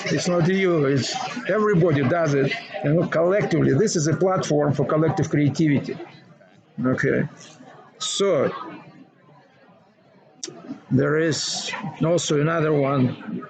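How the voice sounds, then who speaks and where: A man with a Russian accent, a former teacher talking casually, animated and laughing often, in broken English. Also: fairly high pitch, a little slow, gravelly. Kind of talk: casual conversation. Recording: dull sound with crowd noise.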